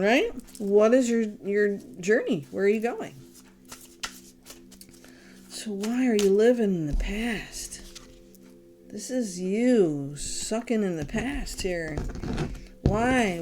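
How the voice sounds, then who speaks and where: A woman's voice: mid-range voice, expressive, slow, long pauses, dark tone, faint music behind. A woman giving a casual tarot reading, blunt and exasperated, swearing freely as she talks straight to the listener. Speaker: tarot reader. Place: home, candles lit.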